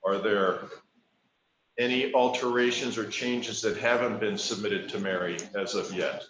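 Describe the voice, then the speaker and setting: A man chairing a public park board meeting in a relaxed, hesitant way. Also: on the low side, a little slow, noisy background. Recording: echoey, dull room sound.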